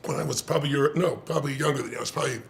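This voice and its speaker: An older man, an interview guest, telling a story in lively conversation, acting out the voices of others and laughing as he goes. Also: mid-range voice, racing, gravelly. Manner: animated, acts out quoted voices, laughs often.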